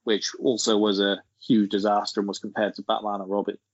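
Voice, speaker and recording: A man's voice: on the low side, completely flat delivery, brisk, no room sound. A man, rambling through an anecdote in casual podcast chat. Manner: rambling storyteller, laughing as he tells it. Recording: dull lo-fi sound.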